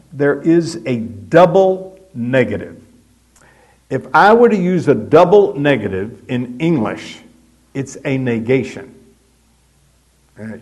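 A man preaching an expository sermon, teaching deliberately and stressing key points with emphatic pauses. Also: medium pitch, a little mellow.

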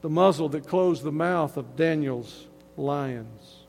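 A man with a high voice preaches an emphatic sermon. His words ring out with a long hall reverb, and he often restarts phrases as he drives each point home. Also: takes it slowly, gravelly, darkish tone, slight background noise. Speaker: pastor.

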